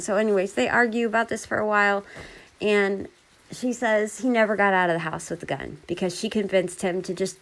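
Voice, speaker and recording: A woman casually retelling a bizarre encounter in a chatty, animated way, full of quoted dialogue. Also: medium pitch, fairly quick. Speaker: storyteller.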